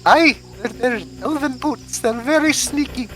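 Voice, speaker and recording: Woman putting on a sneaky thieving adventurer lass, fake Scottish accent, high voice, folksy, music behind. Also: unhurried. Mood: sly. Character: sneaky light-fingered female adventurer.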